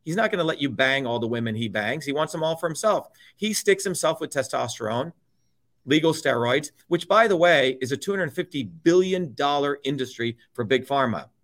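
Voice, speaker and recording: A man's voice: a little high, animated, a little fast, fairly bright tone. Profane, fiery middle-aged man. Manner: profane, emphatic, repetitive. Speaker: guest. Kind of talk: heated political rant.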